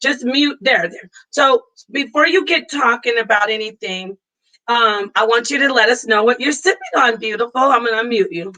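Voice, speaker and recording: A woman's voice: fairly high pitch, moderate pace, poor audio. A woman from Phoenix, Arizona hosting a casual online talk stream over a video call, playful and laughing. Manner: playful, laughing, warm greetings. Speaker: host.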